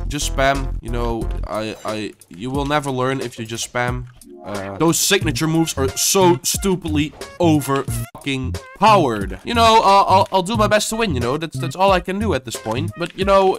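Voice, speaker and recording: Brief: young gamer man, excitable, swears, stammers, wildly swinging pitch over game music. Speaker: gaming YouTuber. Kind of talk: live gameplay commentary.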